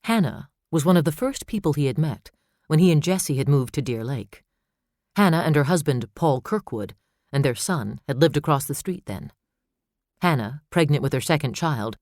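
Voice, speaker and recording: A man narrating a suspense novel in steady, measured storytelling. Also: on the high side, no echo, studio quality. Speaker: audiobook narrator. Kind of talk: scripted narration.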